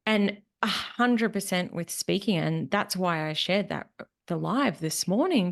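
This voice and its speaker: A woman's voice: medium pitch, gravelly. A woman hosting her podcast, candidly sharing personal stories in a casual chat. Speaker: podcast host, business strategist.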